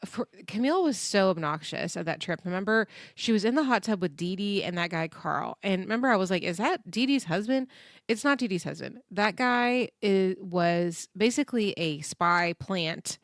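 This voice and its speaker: A woman hosting a casual recap podcast, chatty and animated, often laughing and acting out quotes in other voices. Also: medium pitch, no echo, studio quality. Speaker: podcast host recapping a reality show. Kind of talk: casual chat.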